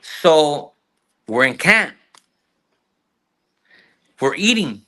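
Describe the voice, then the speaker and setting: Bright-voiced South LA man telling stories. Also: on the high side, very slow. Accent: South Los Angeles. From South Los Angeles. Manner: slangy, profane, animated storyteller who acts out quotes. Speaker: guest actor. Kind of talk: casual storytelling interview.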